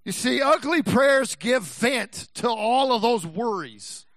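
A man with a very high, bright voice preaches to his church, his pitch leaping around. He swings from shouting to quiet, dragging out his words slowly for emphasis. The sound is dry and close. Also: expressive, no room sound. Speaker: pastor. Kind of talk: sermon.

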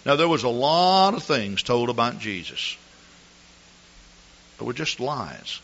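Male pastor, lively sermon delivery on a dull lo-fi church recording. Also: mid-range voice, takes it slowly, a little hiss or hum. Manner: animated storytelling preacher, clears throat often. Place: church service.

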